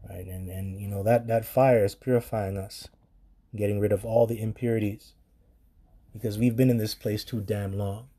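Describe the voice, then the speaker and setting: Low mellow-voiced blunt preacher man. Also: fairly even intonation, moderate pace. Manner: blunt, profane, reads scripture aloud. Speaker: street preacher commentator. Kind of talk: preaching commentary on scripture.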